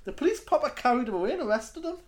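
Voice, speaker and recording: A man's voice: very high-pitched, big pitch swings, very fast. A man co-hosting a podcast in casual, jokey chat, rambling and laughing often. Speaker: podcast co-host.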